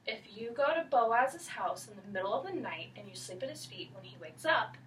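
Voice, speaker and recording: Woman playing an excitable mother-in-law, gushing, casual slang, fairly high voice. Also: normal speed, far from the mic, slight background noise, rough recording. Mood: scheming.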